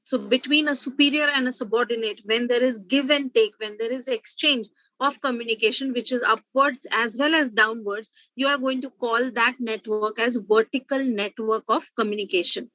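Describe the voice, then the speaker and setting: Bright, high-voiced woman lecturing. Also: moderate pace, no room sound, lo-fi sound. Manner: explains step by step, with filler "uh" and "okay". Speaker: professor. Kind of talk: online revision lecture.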